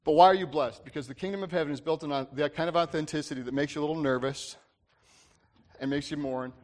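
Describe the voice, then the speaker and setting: A male pastor preaching an informal, conversational sermon in a fairly high voice. He keeps checking in with his listeners by asking "right?" and often repeats words as he restarts a thought. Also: quick pace. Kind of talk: casual sermon.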